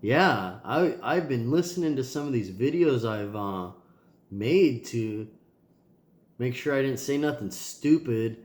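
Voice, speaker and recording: A tired, sore father with a nasal, medium-pitched voice rambles casually to his kids in a video diary, loose and full of ums and sighs. He sounds expressive and a little mellow at a measured pace, with reverberant audio.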